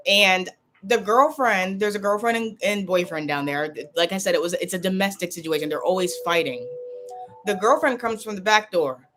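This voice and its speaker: A woman's voice: medium pitch, normal speed, a bit bright, a little hiss or hum. Upset woman rambling to her stream. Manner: upset, rambling, repeats herself. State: tearful. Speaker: vlogger. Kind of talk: casual livestream talk.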